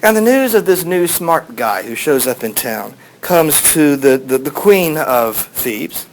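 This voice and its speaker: A man's voice: fairly high pitch, very animated, unhurried, slight background noise, poor audio. A man teaching a class, telling an old story in a rambling, casual way with many fillers. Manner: rambling, with fillers, playing voices in quotes.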